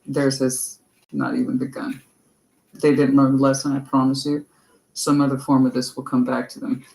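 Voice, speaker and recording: A man's voice: mid-range voice, lively intonation, moderate pace, darkish tone. A man giving a livestreamed tarot reading. He talks emphatically and bluntly and swears freely. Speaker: tarot reader. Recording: echoey room.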